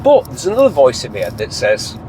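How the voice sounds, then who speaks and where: A man's voice: medium pitch, wildly swooping pitch, a little fast. An English man hosting a car review, chatting animatedly from inside a car and slipping into put-on voices as he tells stories. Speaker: car show host. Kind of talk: casual car review chat. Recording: faint road noise in car.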